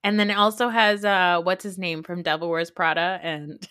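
A woman's voice: lowish voice, level tone, moderate pace, sharp tone, clean tone, no echo, clean studio sound. A woman in her thirties co-hosting a casual pop-culture gossip podcast, talking frankly and rambling, swearing freely. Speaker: podcast co-host.

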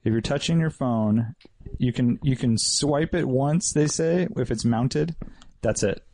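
A man hosting a casual podcast chat, relaxed, reading listener questions and laughing along. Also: medium pitch, unhurried, dry recording.

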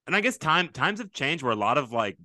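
Quick, bright-voiced male podcast host. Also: on the high side, big pitch swings, no room sound. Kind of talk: casual interview chat.

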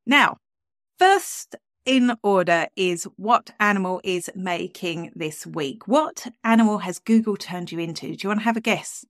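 A woman's voice: medium pitch, measured pace, dry recording, studio quality. A woman hosting a podcast, chatting in an upbeat way with lots of asides. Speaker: podcast host. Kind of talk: casual chat.

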